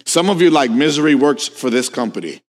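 A man preaching a sermon as pastor, swinging from hushed lines to shouted questions, telling stories with casual asides. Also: mid-range voice, big pitch swings, brisk. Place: church sanctuary. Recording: long hall reverb.

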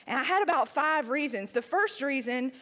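A woman tells a funny story about herself to a live audience, chatty and self-deprecating. Her voice is high. She fills it with "like" fillers. A long hall reverb trails her words. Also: animated, normal speed, a bit bright. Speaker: speaker. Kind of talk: humorous personal story to an audience.

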